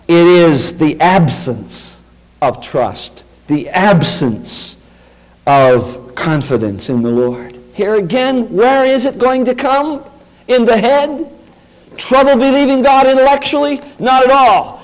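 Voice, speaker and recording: Emphatic high-voiced male preacher. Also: sing-song, poor audio. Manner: emphatic, slows down on quoted scripture. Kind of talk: expository sermon lecture.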